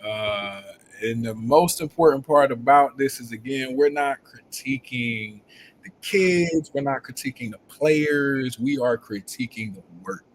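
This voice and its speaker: A male coach hosts a casual live stream. He tells stories in an animated, rambling way and laughs often. His voice sits at an ordinary pitch, and a faint noise runs underneath. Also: measured pace. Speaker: football coach and show host.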